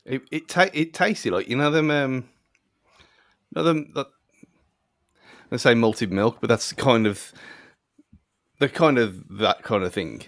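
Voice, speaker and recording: A man's voice: mid-range voice, slow, pauses often, fairly bright tone, no room sound, studio quality. An English man chatting casually, hesitant and searching for his words. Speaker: podcast co-host. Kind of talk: casual chat.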